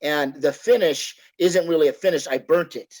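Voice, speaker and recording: A man's voice: a little high, moderate pace, rough recording. A middle-aged man from the United States, a woodworker chatting casually on a video call, rambling like a folksy storyteller and often restarting his sentences. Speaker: woodworker guest.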